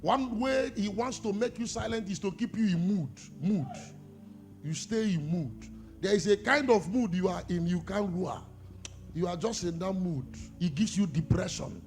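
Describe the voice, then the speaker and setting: A man with a Nigerian accent preaching a sermon, dropping to low murmurs and then shouting, calling out to his listeners for responses. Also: gravelly.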